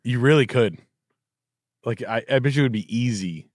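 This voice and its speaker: A middle-aged podcast host tells a rambling story in a casual, profane, sardonic chat. His voice is mid-range at a moderate pace. The studio sound is clean, with no room sound.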